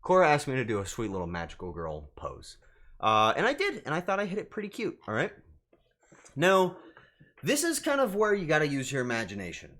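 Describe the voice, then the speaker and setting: A man's voice: fairly high pitch, huge pitch swings, a little fast, fairly bright tone. A man streaming as a VTuber, telling a rambling story straight to his chat and swearing freely. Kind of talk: casual storytelling to live chat.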